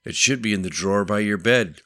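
A man's voice: on the low side, brisk, bright, forceful tone, pitched above the performer's own voice. A man voicing a patient, tactful male hospital doctor who speaks politely and reassuringly.

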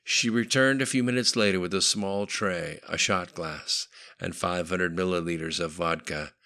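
A man narrating a novel audiobook in a steady, matter-of-fact way. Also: low voice, moderate pace.

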